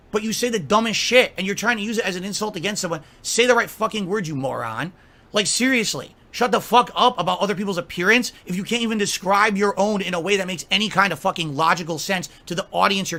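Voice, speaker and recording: A man's voice: high-pitched, bright, forceful tone. A man delivering an angry, profane rant, scolding and mocking someone at length. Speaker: streamer.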